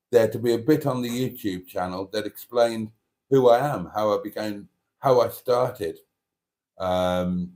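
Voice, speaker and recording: Man, lower voice, self-deprecating live-stream host, chatty and candid. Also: a little mellow. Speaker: YouTuber hosting a live stream. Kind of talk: casual live-stream chat reading comments.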